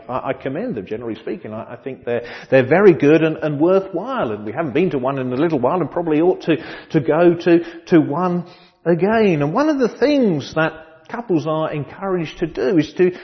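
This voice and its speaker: A middle-aged man preaching a sermon, measured and dryly humorous, often restarting his phrases. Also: fairly high pitch, big-room sound, lo-fi sound. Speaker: pastor.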